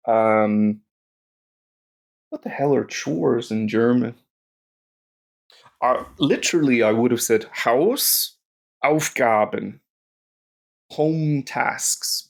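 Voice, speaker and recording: An Irish man muses aloud through his German practice, wandering off on tangents and poking fun at himself. He talks slowly, with a gravelly, creaky edge to his voice. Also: medium pitch, a little mellow. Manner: rambling, self-mocking, talking to himself. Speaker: German-learning video creator. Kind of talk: thinking aloud while doing app lessons.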